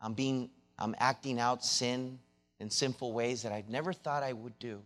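A man preaching a sermon, telling a childhood story and then building into loud, rising exhortation with many repeated words and restarts. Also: steady tone, moderate pace. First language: not English. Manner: restarts and repeated words, grows louder and higher when preaching.

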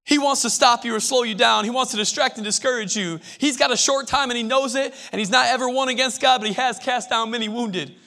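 A man with a notably high voice preaches to students in a college chapel. His delivery is emphatic and repetitive, and he often restarts phrases as he drives his points home. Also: a little fast, few pauses, sharp tone. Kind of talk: sermon.

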